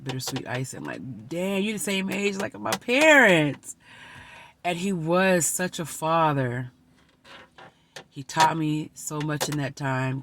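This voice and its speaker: A woman in her forties telling a heartfelt personal story in a vlog, swinging between excitement and tearfulness. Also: extremely low pitch, a little hiss or hum. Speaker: vlogger.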